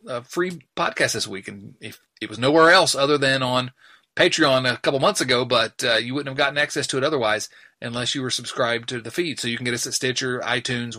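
Bright, joking male podcast host. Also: mid-range voice. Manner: joking, laughs at himself, rambling asides. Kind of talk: casual sports podcast chat.

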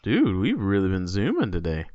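A man with a lowish voice, co-hosting a casual podcast and chatting in a loose, joking, rambling way. The recording is dry and a little dull. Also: wildly swooping pitch, normal speed, warm tone, dry recording. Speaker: podcast co-host. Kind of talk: casual chat.

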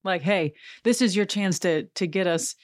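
A woman's voice: on the low side, normal speed, no echo, clean studio sound, natural voice. A woman putting on the voice of a pushy stage mother who coaxes her daughter to perform. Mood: coaxing. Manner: coaxing, theatrical.

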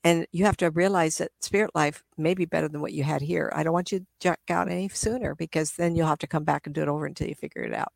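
A woman's voice: sits low, steady tone, fast talker, vocal fry, few pauses, darkish tone, no echo. A middle-aged woman, a psychic medium, chatting in an interview and acting out spirits with gasps and laughs. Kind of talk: casual interview talk.

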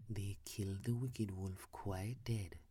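A woman narrator reading a bedtime fairy tale in a soft, hushed whisper. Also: a bass voice, steady tone, slow pace, slight background noise.

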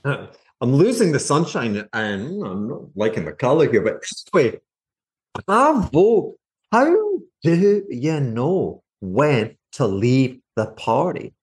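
Sarcastic animated middle-aged man. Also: medium pitch, slow. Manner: mocking, cranky, animated asides. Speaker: market commentator and former fund manager. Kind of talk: sarcastic reaction commentary.

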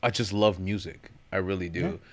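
A man's voice: low voice, moderate pace. A man in his thirties co-hosting a podcast in casual chat, telling stories animatedly and acting out what people said. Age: 30s. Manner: animated storyteller, acts out quotes. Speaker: podcast co-host.

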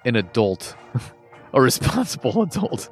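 A man co-hosting a casual whiskey tasting, relaxed and quick to laugh, thinking aloud as he describes the flavors. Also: mid-range voice, faint music behind.

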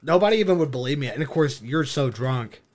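A young man telling a wild story casually, animated, laughing and swearing as he goes. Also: mid-range voice, brisk.

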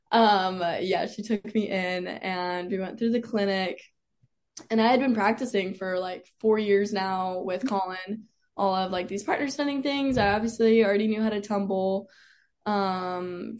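A young woman tells a personal story as an interview guest. She chats casually, her voice sitting at an ordinary middle pitch, and she fills her sentences with "like" and frequent laughs. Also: darkish tone. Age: young adult. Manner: chatty, peppered with "like", laughs often. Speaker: guest, college cheerleader.

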